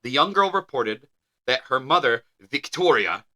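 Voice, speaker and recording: A man reading an article aloud on a podcast, dropping wry asides as he goes. His voice is very bright and sharp, at a middling pitch. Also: a little slow. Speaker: podcast co-host. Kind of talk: reading a story aloud in casual banter.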